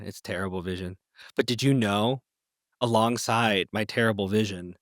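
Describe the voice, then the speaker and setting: A young adult man co-hosting a podcast, joking around and jumping to high squeaky exclamations. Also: fairly bright tone, no echo, clean studio sound. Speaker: podcast co-host. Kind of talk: casual chat.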